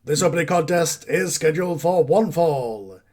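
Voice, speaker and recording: Man playing a ring announcer, booming, drawn-out calls, raised pitch, tabletop role-play. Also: lively intonation, a little mellow. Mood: announcing. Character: booming adult male wrestling ring announcer.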